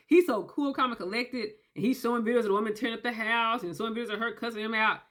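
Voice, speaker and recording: A woman giving a casual explainer, emphatic and animated, often checking in with "okay?" and acting out quoted voices. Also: on the high side, quick pace, hardly any pauses. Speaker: commentator on narcissistic abuse. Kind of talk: casual talking-head explainer.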